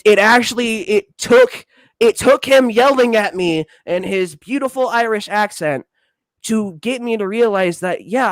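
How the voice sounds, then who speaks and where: Guy guest on a stream, earnest and halting, kinda high voice, swears a lot. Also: no room sound. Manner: earnest, halting, near tears, swears freely. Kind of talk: emotional livestream chat.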